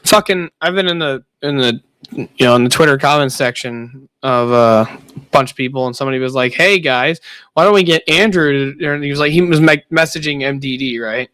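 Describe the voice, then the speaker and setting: A man's voice: mid-range voice, fairly quick, a bit bright, no echo. A young man streaming, telling a profane party story with frequent laughter. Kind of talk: casual chat.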